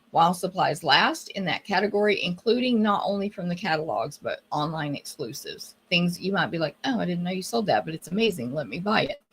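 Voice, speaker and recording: A woman's voice: lowish voice, a bit bright. A woman hosting a live craft demonstration, talking casually and chattily, often losing her train of thought. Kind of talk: casual live-stream chat.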